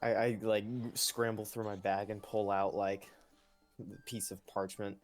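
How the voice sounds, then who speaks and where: A man playing a tabletop game, asking the game master relaxed questions in casual chat. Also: fairly low pitch, unhurried, soft background music. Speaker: player.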